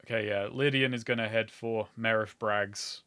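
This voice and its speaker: A man's voice: lowish voice, steady tone, moderate pace, bright, forceful tone, smooth, no echo. A man playing a character in a tabletop game, speaking in a persuasive, earnest way. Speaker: player.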